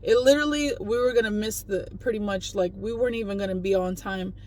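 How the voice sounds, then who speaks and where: A woman's voice: medium pitch, fast, darkish tone. A woman in her thirties talking in a casual personal vlog, emotional and rambling, with many fillers. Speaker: vlogger.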